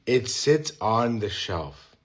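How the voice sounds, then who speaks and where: A man's voice: on the low side, very animated, slow. An American man chatting casually in a vlog, a bit conspiratorial. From United States.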